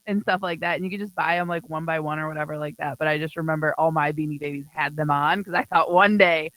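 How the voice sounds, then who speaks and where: A man's voice: fairly high pitch, fairly even intonation, quick pace, bright, forceful tone, poor audio. A male radio co-host in casual chat, reminiscing in an easygoing way.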